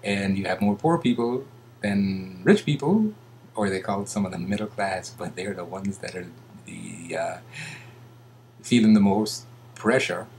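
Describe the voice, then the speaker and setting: A man giving a rambling casual monologue, swinging between loud bursts and hushed asides and mocking others in put-on voices. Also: deep voice, expressive, unhurried, a little hiss or hum.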